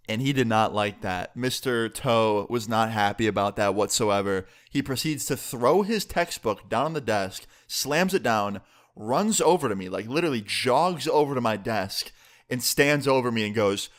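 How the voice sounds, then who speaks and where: A young man telling a profane storytime about school, with sudden jumps in pitch. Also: lively intonation, moderate pace. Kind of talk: casual storytime.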